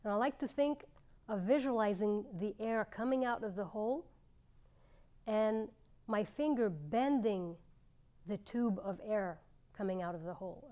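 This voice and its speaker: A middle-aged woman teaching clarinet, explaining fingerings in a clear, measured way with pauses. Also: mid-range voice, dark tone. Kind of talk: instructional demonstration.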